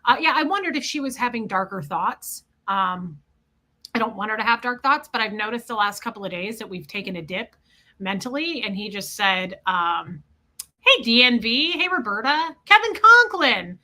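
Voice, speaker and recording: A woman's voice: medium pitch, normal speed, sharp tone. A woman hosting a casual livestream, rambling through a story and greeting viewers as she goes. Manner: scattered, chatty, greets viewers mid-story. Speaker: livestream host.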